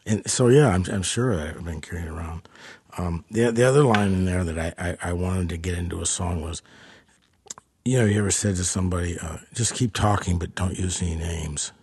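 A man being interviewed as a musician guest, telling stories in a halting, rambling way and trailing off into mumbles. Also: deep voice, darkish tone, slightly rough.

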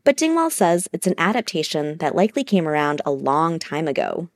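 A woman reporter with a fairly low voice narrates a scripted science news piece. She explains each point in a measured, even way.

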